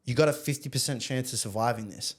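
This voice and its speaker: A young Australian man telling a story in casual chat, animated, acting out other people's lines and swearing casually. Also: medium pitch, fast talker. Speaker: podcast guest.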